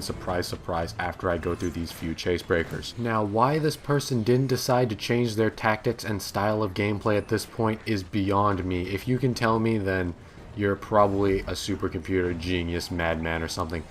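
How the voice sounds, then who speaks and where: A young man narrates his gameplay over a faint background hiss, his voice sitting a little low. He is sarcastic and amused, mocking his opponents as he walks through the match. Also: fairly quick. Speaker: gaming commentator. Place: home office.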